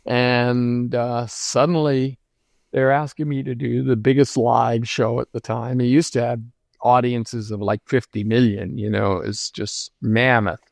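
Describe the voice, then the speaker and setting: A man in his seventies, a guest in an interview, telling stories from his career in a reflective, unhurried way with many pauses and restarts. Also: mid-range voice, fairly even intonation, creaky, no echo. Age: 70s. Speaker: lighting designer guest. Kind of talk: conversational interview storytelling.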